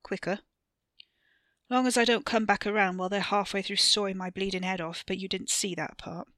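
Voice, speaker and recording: A woman voicing a bitter young man who speaks slowly and forcefully, sneering and swearing in anger. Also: medium pitch, steady tone, no room sound, clean studio sound, lightly acted. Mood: sullen.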